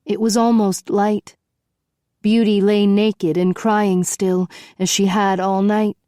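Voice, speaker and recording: A woman reading a novel aloud in a measured storytelling manner. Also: mid-range voice, little pitch movement, warm tone, no echo, clean studio sound. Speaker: audiobook narrator. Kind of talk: scripted narration.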